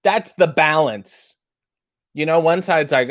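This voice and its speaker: A man's voice: fairly high pitch, expressive, normal speed. A man hosting a casual live chat, reading viewer questions and answering with wry, self-mocking jokes.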